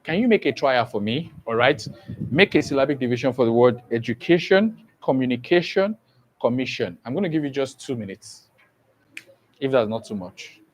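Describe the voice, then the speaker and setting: A man's voice: medium pitch, lively intonation, a little hiss or hum, low-quality recording. A man teaches an online exam-prep lesson at an easy pace. He repeats each point several times and keeps checking that his students follow. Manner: slow, repetitive explaining with frequent "okay?" checks.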